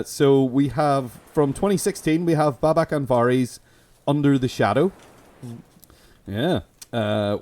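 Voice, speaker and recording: A man's voice: medium pitch, a little mellow. A man with a Belfast accent co-hosting a podcast, rambling through a comedic improvised bit with lots of restarts and giggles. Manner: rambling, self-interrupting, giggly. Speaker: podcast co-host. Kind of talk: comedic improvised sketch chat.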